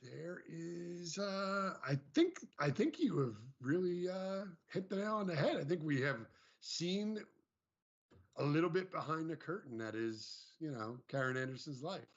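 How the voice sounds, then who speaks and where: A man hosting a casual live-stream interview over a video call, talking haltingly with many restarts. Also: on the high side, animated. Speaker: host. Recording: dull lo-fi stream audio.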